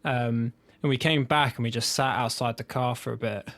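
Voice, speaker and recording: A young man with a southern English accent co-hosts a podcast, chatting in a relaxed, rambling way with swearing and self-mocking humor. His mid-range voice is steady and fairly bright at normal speed, with no echo.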